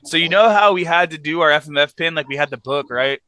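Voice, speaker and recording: Former corpsman guy telling stories, laughs a lot, does little voices, high pitched. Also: fast, clear, resonant tone, dry recording. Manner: animated, laughing, acts out voices. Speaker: podcast guest, former Navy corpsman. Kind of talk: casual storytelling chat.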